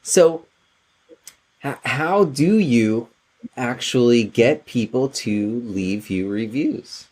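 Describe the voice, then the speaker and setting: A man's voice: medium pitch, animated, slow, darkish tone. Man hosting a casual podcast. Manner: conversational, rambling questions. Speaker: podcast host.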